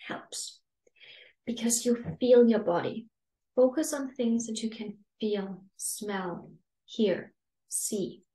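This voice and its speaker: A woman parenting coach giving a masterclass talk to parents in a calm, gentle, soothing way. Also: medium pitch. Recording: roomy echo.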